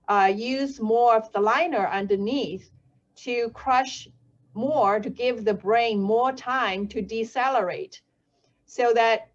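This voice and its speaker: A woman whose first language is Chinese talks through safety research in a slow, careful way, pausing on fillers and correcting herself as she goes. Her voice sits a little high. The audio is dull and lo-fi. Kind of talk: explanatory talk.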